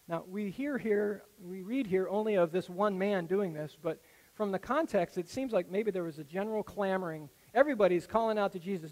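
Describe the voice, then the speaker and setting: A man preaching a sermon that explains a Bible passage, earnest and explanatory, often dropping to a soft, low tone. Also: moderate pace. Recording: echoey hall with long reverb.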